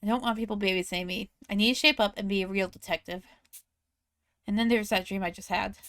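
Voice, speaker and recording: A woman streamer reading a game's narration aloud in a lively manner. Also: mid-range voice, fast talker, no room sound, studio quality. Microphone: studio microphone.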